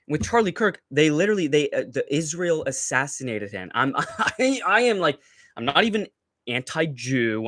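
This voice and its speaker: Young man, livestream host, angry profane rant, mocking, fairly high voice, dry close sound. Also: fairly bright tone, dry recording. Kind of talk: ranting livestream commentary.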